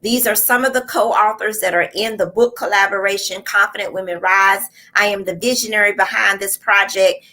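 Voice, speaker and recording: A woman's voice: medium pitch, pushed and bright. A woman hosting a live online show, giving a fervent, preaching-style motivational talk with repeated call-outs to her listeners. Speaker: host and coach.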